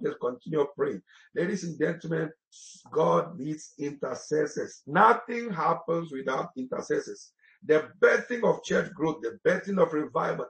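A man preaching a sermon with passion, repeating lines for emphasis. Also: on the high side. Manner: impassioned, repeats phrases for emphasis. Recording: roomy echo.

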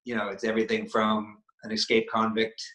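Male actor from Maine, casual interview guest, rambling delivery, lowish pitch, echoey room. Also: monotone, brisk, fairly bright tone. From Maine, New England. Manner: rambling, many restarts and fillers.

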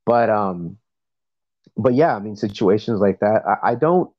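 Low-voiced man rambling through a story. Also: expressive, measured pace, no echo, dull audio. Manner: rambling, many fillers and restarts. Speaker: voice message caller. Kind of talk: casual storytelling.

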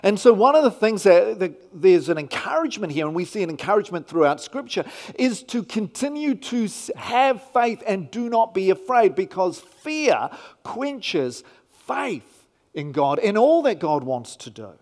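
Male pastor, sermon, very high voice, animated, emphatic rhetorical questions. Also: moderate pace.

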